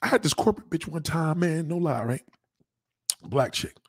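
A man's voice: a little high, moderate pace, breathy edge, no room sound, clean studio sound. A man hosting a casual streamed chat, talking in a crude, rambling way full of street slang. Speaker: host.

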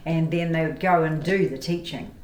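Woman with a very low voice, lively anecdotes, roomy echo. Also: normal speed. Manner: animated, laughing storyteller. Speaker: guest, songwriter.

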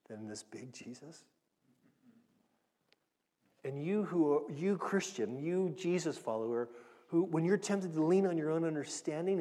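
A man's voice: fairly high pitch, mellow, long reverb tail. A man preaching a conversational sermon, earnest and direct, often restarting and repeating his words. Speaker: pastor teaching a Bible passage.

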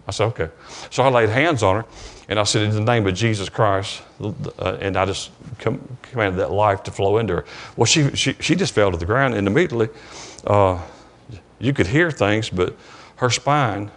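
A man with a Southern US accent preaching a sermon in church, telling a story with many restarts and repeated words. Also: lowish voice. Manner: halting, repeats words, retells dialogue. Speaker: pastor. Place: church sanctuary.

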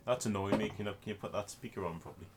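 A man co-hosting a comic podcast with dry, deadpan banter. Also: fairly low pitch, very fast. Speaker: podcast co-host.

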